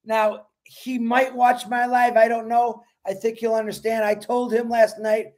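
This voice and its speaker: A man's voice: very high-pitched, little pitch movement, measured pace, darkish tone. A man hosting a livestream, talking in an earnest, rambling way and thanking viewers by name; he is emotional. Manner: earnest, religious. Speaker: livestream host.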